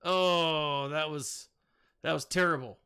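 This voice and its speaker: A man's voice: a little high, slow, pushed and bright, clean tone. A man in his thirties, a gaming channel host, giving casual, rambling gameplay commentary with self-mocking asides and playful sound effects.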